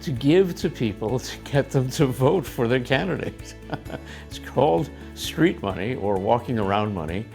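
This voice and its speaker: This is a scripted lesson dialogue led by an American man whose medium-pitched voice is gravelly and a touch slow. His explanations stay even and plain, punctuated by soft chuckles, and quiet music runs underneath.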